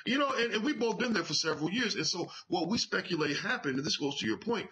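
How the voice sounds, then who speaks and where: A man delivers heated political commentary in a high, bright voice. He speaks emphatically, swears freely and pushes his voice up toward a shout when his anger builds. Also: animated, quick pace, hardly any pauses, rough recording. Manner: emphatic, profane, rising to shouts when angry. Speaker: commentary show host.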